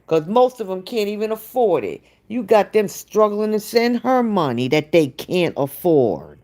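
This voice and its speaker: A woman hosts a live stream, gossiping slowly and talking back to chat readers in a casual, opinionated way. Her mid-range voice is expressive with a dark tone.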